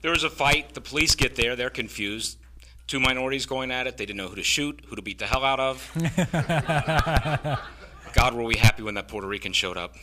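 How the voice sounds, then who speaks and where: Stand-up comic, male, mid-pitched and bright, dry deadpan delivery on stage. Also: quick pace. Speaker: stand-up comedian. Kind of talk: stand-up comedy set. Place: comedy stage with a live audience.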